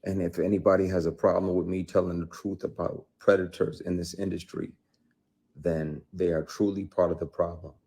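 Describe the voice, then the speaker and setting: Sitting low with a flat delivery at normal speed, this man's voice is warm and husky. He's an actor talking unscripted on a live stream, blunt and profane, worked up, and hitting his points over and over.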